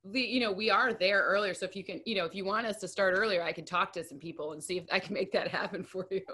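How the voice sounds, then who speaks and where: A woman's voice: medium pitch, fast, sharp tone, slightly rough. Brief: chatty upbeat female guest, mid-range voice. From grew up partly in Luxembourg. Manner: upbeat, lots of "like". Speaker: analytics expert guest. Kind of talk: casual podcast chat.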